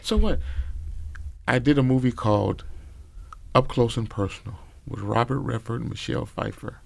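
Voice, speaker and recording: A man's voice: mid-range voice, normal speed, vocal fry, no room sound. A middle-aged man, a podcast guest telling his life story in an emphatic, preachy way. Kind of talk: casual storytelling interview.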